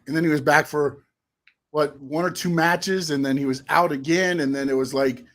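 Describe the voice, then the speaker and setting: A middle-aged man co-hosting a live show, casually reminiscing and running through names in a quick list. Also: fairly high pitch. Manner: reminiscing, lists names rapidly. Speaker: co-host, wrestling promoter.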